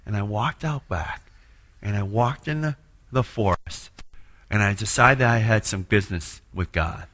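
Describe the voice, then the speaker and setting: A man telling an earnest spoken testimony of faith, moving between hushed passages and loud, impassioned ones. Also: on the low side, moderate pace. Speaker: churchgoer sharing a personal testimony.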